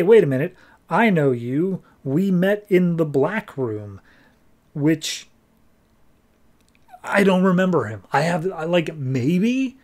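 Man, podcast host, casual comic recap, offhand, fairly high voice, mellow tone. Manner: quick, offhand retelling, dropping into brief quoted voices.

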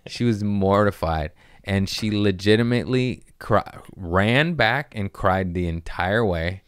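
Foul-mouthed low-voiced man telling stories. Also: measured pace, clear, resonant tone, no echo, clean studio sound. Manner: profane, animated, rambling. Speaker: podcast host. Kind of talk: casual comedic storytelling.

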